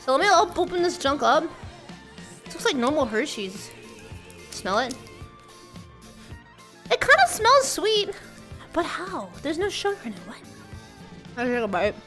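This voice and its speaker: High, lively young woman streamer. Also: measured pace, pauses often, soft background music. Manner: excitable, jokey, talks to chat. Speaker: streamer host. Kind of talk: casual live-stream chat.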